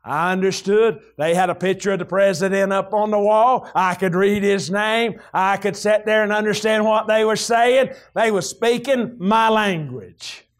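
A high-voiced man with a Southern US accent preaching a folksy sermon. He talks like he is telling a story to friends. When he gets worked up, his voice climbs and breaks into loud shouts. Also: normal speed, few pauses. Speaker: pastor.

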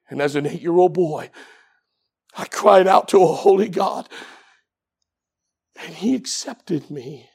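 Gravelly high-pitched preacher man. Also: slow pace, pauses often. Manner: animated storytelling that swings from hushed to shouting. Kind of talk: sermon.

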